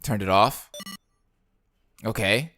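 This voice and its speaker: Excitable man reading a game aloud. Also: on the low side, slow pace. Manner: excitable, reacting loudly. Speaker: let's play commentator. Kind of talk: gameplay commentary and text reading. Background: game music.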